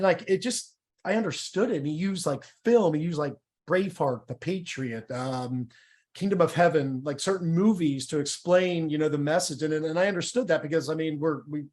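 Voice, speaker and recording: A man's voice: on the high side, fairly quick, darkish tone. A middle-aged man sharing his personal testimony in a conversational church interview, candid and emotional, often stumbling and repeating words.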